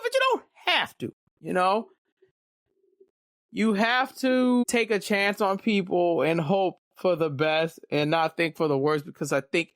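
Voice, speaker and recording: A man's voice: a little high, a bit bright, dry recording, studio quality. A young man hosting a casual solo podcast, talking candidly and rambling with joking asides. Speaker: podcast host.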